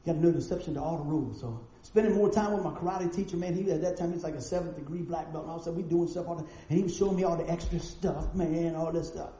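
A man preaches a storytelling sermon, acting out each character in his stories. His voice sits high but sounds warm and soft-edged. The church sanctuary gives it a roomy echo with faint noise underneath. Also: fast, few pauses. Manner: animated, acts out the people in his stories.

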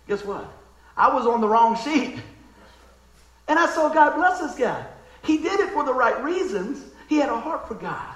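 A man preaching a sermon as pastor, folksy and fervent, often pausing for an amen. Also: high voice, big pitch swings, fairly bright tone, reverberant, low-quality recording. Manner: fervent, folksy, calls for amens.

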